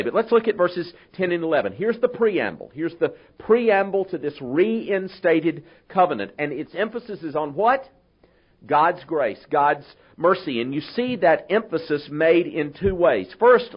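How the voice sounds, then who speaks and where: A man preaching a sermon in an earnest, emphatic way, slowing down to stress key words. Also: mid-range voice, breathy edge. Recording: muffled, lo-fi sermon recording.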